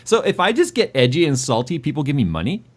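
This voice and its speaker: A man co-hosts a casual tech livestream, reading viewer donations aloud. His pitch moves in a lively, animated way, and he sounds exasperated and stressed while still joking around. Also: quick pace.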